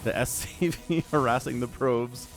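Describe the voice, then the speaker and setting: A man casting a video game match on his own, with energetic, playful play-by-play commentary. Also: mid-range voice. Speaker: esports caster. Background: faint background music.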